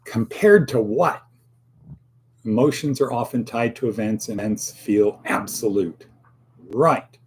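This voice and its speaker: This man hosts a casual daily motivational talk, rambling along with playful asides and quotes he acts out. His husky voice is medium in pitch and a little slow.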